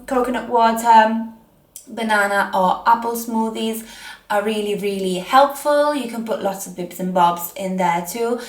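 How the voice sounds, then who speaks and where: A young woman with an Italian accent giving casual fitness advice from home, chatty and self-mocking with rambling asides. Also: mid-range voice. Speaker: fitness vlogger. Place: home, seated on a chair. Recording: echoey room.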